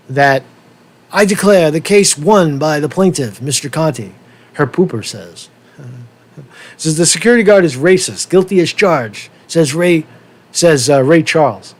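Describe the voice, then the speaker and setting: A fairly high-voiced man hosting a livestream, getting worked up as he talks. He keeps restarting his sentences and repeating himself, drops the odd swear word, and calls on his viewers to respond. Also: lively intonation, a little slow, a little mellow. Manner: asks viewers for feedback, profane. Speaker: livestream host. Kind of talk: casual livestream rant.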